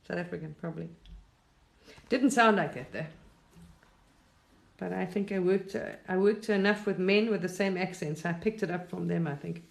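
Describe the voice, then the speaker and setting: A woman's voice: medium pitch, vocal fry, roomy sound. A middle-aged woman from England, chatting casually and reflectively on a live stream, rambling and laughing often.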